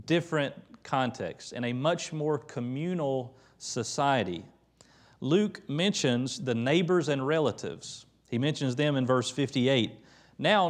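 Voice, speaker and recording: A man preaching a conversational, emphatic sermon in a church, retelling scripture with lively quoted voices. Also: mid-range voice. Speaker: pastor.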